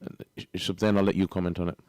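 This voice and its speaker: A man presenting on radio, measured in manner, reading out messages from listeners. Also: low-pitched, flat delivery, a little mellow, clear, resonant tone, no room sound, clean studio sound. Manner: measured, reads out listener texts. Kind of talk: casual radio banter. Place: radio studio.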